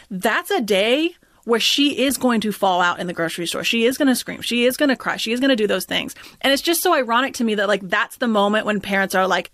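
A woman's voice: on the high side, a little fast, hardly any pauses, fairly bright tone, no room sound. Woman podcast host, chatty and loose, dry close recording. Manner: chatty, peppered with "like". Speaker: parent. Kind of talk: casual podcast chat.

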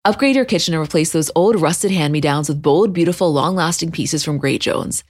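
Deep-voiced woman reading an ad. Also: a little fast, few pauses, darkish tone, husky, no room sound, clean studio sound. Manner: upbeat sales pitch. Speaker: ad reader. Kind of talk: host-read ad.

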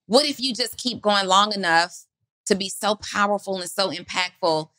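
Preaching woman with a bright voice. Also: medium pitch, normal speed, dry recording, rough recording. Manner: preaching, builds on repeated rhetorical questions. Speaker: podcast host. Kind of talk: motivational podcast talk.

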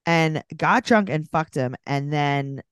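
A woman's voice: sits low, slow, clear, resonant tone, no echo, studio quality. A woman co-hosting a podcast, recapping a reality show in casual chat and acting out the people she quotes. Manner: animated, mimics people in quoted voices. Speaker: podcast co-host.

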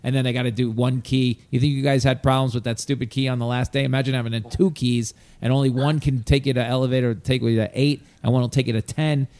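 A man's voice: medium pitch, fairly even intonation, quick pace, few pauses, a little mellow. Exasperated man telling a story. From New York. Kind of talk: casual storytelling chat.

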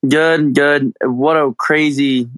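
A man's voice: a little high, fairly even intonation, slow, a bit bright, no room sound, poor audio. A man calling in to a sports talk show, chatty and upbeat, full of fillers. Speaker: caller.

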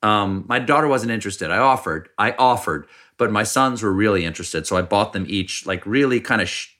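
A middle-aged man from South Carolina, a podcast guest telling wry, animated stories. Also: on the low side, brisk. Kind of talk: casual conversation, storytelling.

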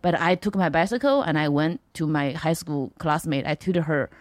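A woman in her thirties from China with a Chinese accent, a comedian telling deadpan stories as a podcast guest and acting out the voices of people she quotes. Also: deep voice, a little fast, no room sound. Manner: deadpan comic storytelling, acts out quoted voices. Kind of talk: podcast chat.

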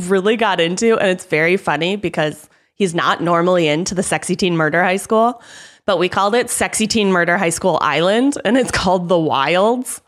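A young adult woman co-hosting a casual chat podcast, animated and quick to laugh, swearing casually. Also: lowish voice. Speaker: podcast co-host.

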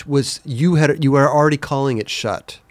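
A man hosting a casual podcast interview, jokey and quick to laugh. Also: mid-range voice, no room sound. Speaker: podcast host.

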